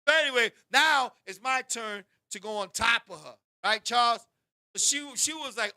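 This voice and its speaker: High, sharp-voiced man telling raunchy stories. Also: normal speed, no echo, studio quality. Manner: animated, bursts into shouting, keeps addressing a co-host. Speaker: show host. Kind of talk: raunchy comedic storytelling.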